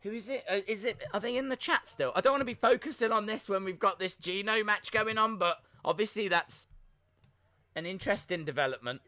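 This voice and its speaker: A young man hosting a live wrestling watch-along, chatting excitedly, rambling and flustered as he reads viewer comments. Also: sits high, brisk. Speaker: livestream host reacting to wrestling.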